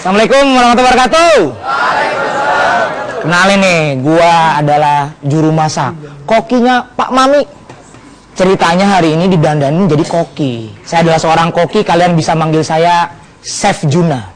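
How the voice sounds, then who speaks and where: A man doing playful stand-up comedy, acting out angry people by shouting. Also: on the high side, animated, brisk. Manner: playful, acts out angry shouting judges and drivers. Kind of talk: stand-up set. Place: stage before a live audience. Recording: noisy venue with crowd.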